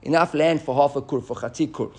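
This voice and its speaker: A man teaching a Talmud class, animated and often restarting as he explains. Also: a little high, quick pace, breathy edge. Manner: animated, restarts often, mixes Hebrew and Aramaic terms.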